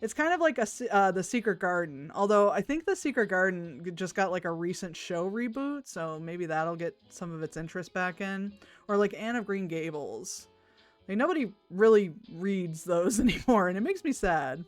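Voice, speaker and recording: A woman with a lowish voice and lively intonation streams a game at normal speed, with soft background music and no room sound. She chats away, laughs often, and reads the characters' lines in put-on voices.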